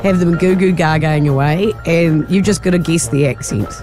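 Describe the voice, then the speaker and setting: A woman's voice: low-pitched, normal speed, music in the background. A woman hosting a radio show, running a game and teasing her co-host. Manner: teasing, laughs often. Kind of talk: breakfast radio banter.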